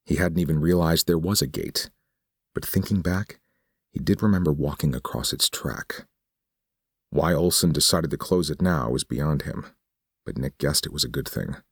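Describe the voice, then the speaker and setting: A man narrates horror fiction in a steady, measured way. His voice is extremely low and gravelly with a husky texture, recorded dry. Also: no room sound.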